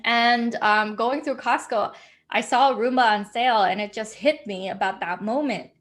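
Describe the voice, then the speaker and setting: A woman's voice: a little high, moderate pace, faint music behind. A woman talking as a guest in a casual interview, telling her story in a candid, heartfelt way. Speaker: guest, software company founder.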